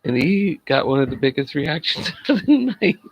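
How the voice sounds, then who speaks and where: Chatty man with a gravelly voice. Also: on the high side, very animated, normal speed, no room sound, highs cut off. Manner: chatty, laughs at his own jokes. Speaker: wrestling show reviewer. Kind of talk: casual solo review talk.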